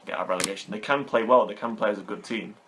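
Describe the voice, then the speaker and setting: A British man co-hosting a podcast, measured and agreeable in casual football chat. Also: on the low side, background noise. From Britain. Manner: agreeable, measured, often affirms. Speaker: podcast co-host.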